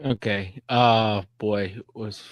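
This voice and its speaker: A man's voice: fairly low pitch, steady tone, drawn-out words, dry recording. A man who is a guest on a casual chat, talking in a dry, joking way.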